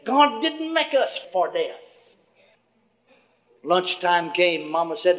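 Older preacher, high voice, folksy testimony with chuckles, muffled lo-fi tape. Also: male voice, sing-song, slow pace, long pauses. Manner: folksy storytelling, chuckling asides, many "you see". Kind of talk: sermon testimony. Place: church gathering before a congregation. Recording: muffled lo-fi recording.

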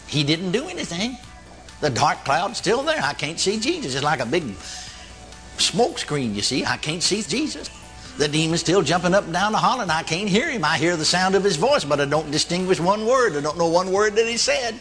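A man preaching a recorded radio sermon, dramatic and emphatic, his pitch jumping up on questions and repeated phrases. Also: very animated, normal speed, fairly bright tone, faint music behind.

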